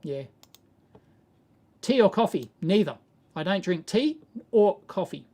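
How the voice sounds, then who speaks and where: A man's voice: high-pitched, big pitch swings, a little slow, warm tone. A man with an Australian accent hosting a live stream, answering viewer questions in a casual, rambling way with frequent chuckles. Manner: rambling, chuckling, self-correcting.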